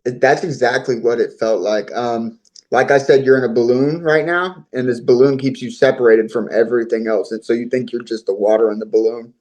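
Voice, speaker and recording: A man's voice: mid-range voice, steady tone, a little fast, darkish tone, low-quality recording. A man being interviewed, telling his own story in an earnest, talkative way and repeating himself often. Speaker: interview guest.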